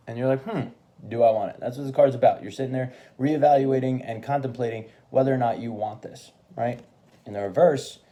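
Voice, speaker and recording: A man's voice: mid-range voice, mellow. Casual swearing man reading tarot. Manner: casual, swears freely, says "right?" often. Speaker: tarot reader.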